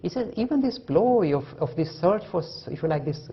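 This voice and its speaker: A man's voice: high-pitched, normal speed, highs cut off. A man giving a lecture on religion, telling anecdotes and acting out the voices in them. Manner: animated, acts out voices in anecdotes. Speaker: speaker on religion. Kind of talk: lecture with storytelling.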